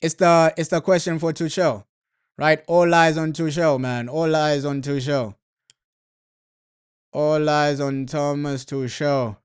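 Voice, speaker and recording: Fairly high in pitch, smooth and flat, this man speaks slowly while streaming a football watchalong. His live match commentary is casual and thick with slang, and he keeps returning to frustrated, repetitive rants about his team's manager.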